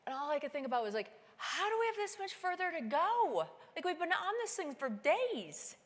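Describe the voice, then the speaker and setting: A woman giving a keynote talk, telling a climbing story and acting out the dialogue with lively, animated delivery. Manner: animated, acts out dialogue with big pitch jumps. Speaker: keynote speaker. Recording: long hall reverb.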